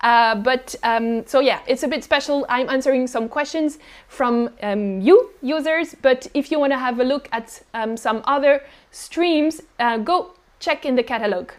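A woman's voice: high voice, normal speed. A French woman with a French accent, teaching French pronunciation in a live stream and patiently repeating her examples. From France. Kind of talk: live-streamed language lesson.

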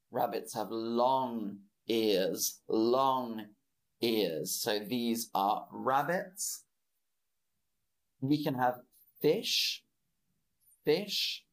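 A man leads a live English lesson for learners, speaking at a very slow, deliberate pace and repeating simple words. His voice sits in an ordinary middle range. He breaks off now and then to greet viewers in the chat by name. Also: mid-range voice, low-quality recording. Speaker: English teacher.

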